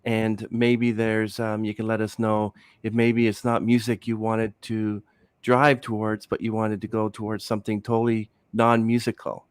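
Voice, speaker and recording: A man's voice: on the low side, monotone, moderate pace, smooth, no echo, clean studio sound. A man hosting a podcast, asking casual questions that ramble and restart. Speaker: podcast host.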